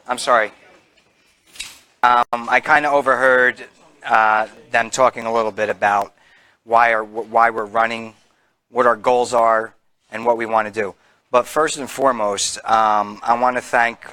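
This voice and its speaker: A man from New Jersey giving an earnest campaign speech to a local gathering, halting often with fillers and restarts. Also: medium pitch, sharp tone. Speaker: political candidate.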